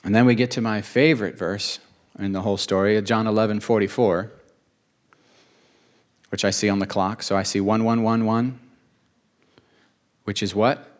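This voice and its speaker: A male preacher with a fairly low voice delivers a sermon. He speaks earnestly and with feeling, often repeating key phrases for emphasis. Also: fairly even intonation, normal speed, long pauses.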